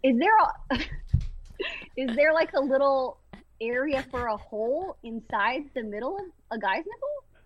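A woman in her thirties talks as a podcast guest, her voice a bit high for a woman. She muses aloud in a relaxed, chatty way and keeps asking curious follow-up questions. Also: a little slow, long pauses, lo-fi sound, slight background noise. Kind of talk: casual chat.

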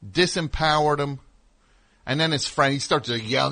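A man's voice: fairly high pitch, normal speed, creaky, sharp tone. A man hosting a radio show, telling a story in a casual, rambling way with wry asides in the studio.

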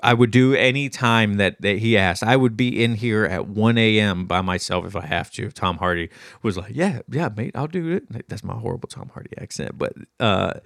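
A man's voice: on the low side, brisk, vocal fry, a bit bright, no room sound. A man hosting his podcast alone, answering listener questions in a chatty, rambling way and laughing easily, close to the mic in a small studio. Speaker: podcast host. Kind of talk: casual solo Q&A chat. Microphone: close podcast microphone.

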